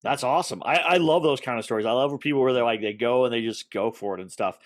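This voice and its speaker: Fast-talking man hosting a podcast. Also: mid-range voice. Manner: rambling, loosely worded questions. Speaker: podcast host. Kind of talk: casual podcast interview.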